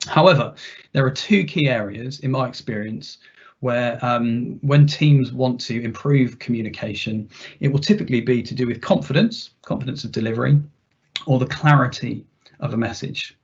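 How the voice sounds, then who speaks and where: A man's voice: mid-range voice, normal speed, gravelly, breathy edge. A man presenting a workplace training webinar in a conversational way, with restarts and rhetorical questions. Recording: dull, muffled webinar audio.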